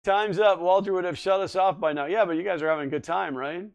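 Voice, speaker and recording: A man's voice: high-pitched, fast, creaky, clean tone, highs cut off. A man in his forties hosting a casual live stream, rambling and chatting as he answers viewers' comments. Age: 40s. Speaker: livestream host.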